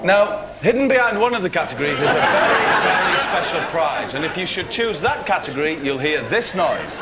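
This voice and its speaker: A man's voice: high voice, expressive, a little fast. A man hosting a comic quiz show, announcing in a playful, mock-dramatic way. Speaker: game show host. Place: TV studio. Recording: echoey studio with loud noise.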